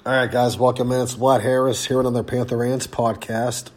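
Male podcast host, stuffed-up and hoarse, loose rambling sports chat. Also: medium pitch, flat delivery, fairly quick, darkish tone. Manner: rambling, frequent ums and restarts. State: congested, losing his voice. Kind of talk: casual sports podcast talk.

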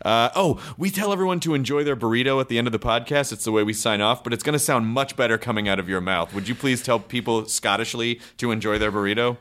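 American podcast host, mid-pitched, chatty and excitable, casual interview. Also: male voice, fast, few pauses. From United States. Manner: enthusiastic, chatty, swears when excited.

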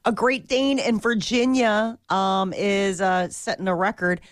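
A woman co-hosting a morning radio show, giggling often and reading quick news items in casual chat. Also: mid-range voice, steady tone, dry recording, clean studio sound. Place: radio studio.

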